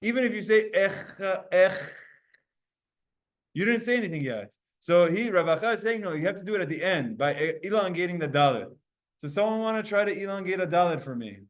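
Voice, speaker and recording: A man teaching a Talmud class to students, animated and explaining with spoken demonstrations of sounds. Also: high-pitched, fast. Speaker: Torah teacher.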